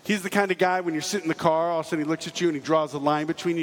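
A man's voice: a little high, very fast. A middle-aged man giving a comedic sermon, telling stories and acting out voices with lots of energy. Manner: animated, acts out voices and jokes. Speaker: preacher. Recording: hall reverb, faint noise.

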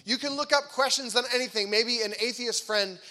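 A man in his thirties giving an energetic, chatty faith talk to teenagers, acting out the voices in the dialogue he quotes. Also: very high voice, brisk. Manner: chatty and conversational, with frequent fillers. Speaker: youth speaker.

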